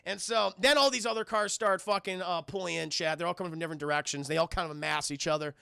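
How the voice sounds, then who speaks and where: A male streamer with a high, bright voice and a gravelly edge. He rambles through a film recap, swearing often and talking to his chat with a very lively pitch. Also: fast talker, no echo, studio quality. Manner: profane, rambling, addresses chat constantly.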